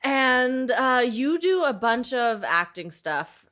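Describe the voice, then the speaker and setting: A woman's voice: a little high, very animated, takes it slowly, fairly bright tone. A woman hosting a podcast, chatty and self-deprecating, laughing often. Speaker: podcast host. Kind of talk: casual chat.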